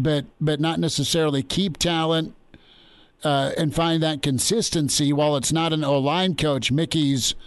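Radio sports host guy, slightly high voice, lots of uh's, loose and chatty. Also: no echo. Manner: chatty, lots of "uh" fillers, laughs easily. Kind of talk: casual sports talk radio.

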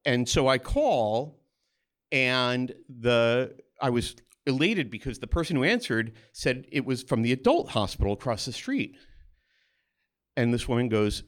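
An unhurried man with a mid-range voice tells a first-person story on stage, talking conversationally with small restarts. He's a pediatric oncologist, and he animatedly acts out the voices of the people he quotes.

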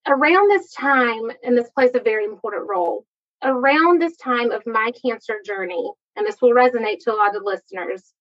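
A woman's voice: fairly high pitch, a bit bright, highs cut off. Earnest woman telling her story. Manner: chatty, earnest, quick asides. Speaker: guest sharing personal story. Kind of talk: candid personal storytelling.

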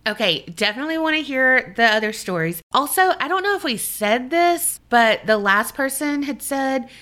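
A woman's voice: high-pitched, expressive, moderate pace, sharp tone. A woman co-hosting a podcast, chatting casually, laughing easily and reading listener stories aloud. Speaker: podcast co-host.

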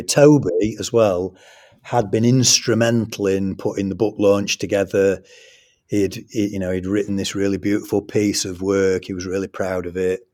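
English man telling a story, lower voice. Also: moderate pace. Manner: animated, conversational storytelling with restarts. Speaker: guest, school trust leader. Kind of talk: telling a personal story in an interview.

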